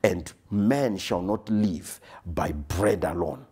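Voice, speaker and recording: Husky low-voiced male preacher. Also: slow pace, warm tone. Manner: emphatic, repetitive preaching cadence. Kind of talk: sermon.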